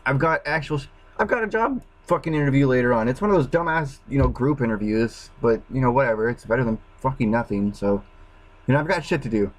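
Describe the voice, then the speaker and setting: Frustrated and by himself in front of the camera, this gaming vlogger curses nonstop and keeps starting his sentences over. He speaks fast and animatedly in a mid-range voice, over poor audio.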